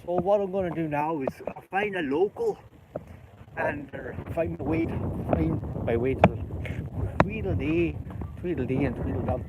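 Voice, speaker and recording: A man's voice: fairly high pitch, moderate pace. A man vlogging while walking uphill outdoors, rambling and joking in a put-on Irish accent. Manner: rambling, chatty, jokey. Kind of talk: walking vlog. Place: outdoors on hilly streets. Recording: loud wind noise outdoors.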